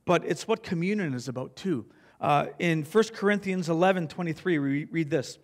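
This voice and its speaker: A man's voice: on the high side, moderate pace, big-room sound. A man giving a Sunday sermon in an earnest, reflective way, reading scripture aloud. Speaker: pastor.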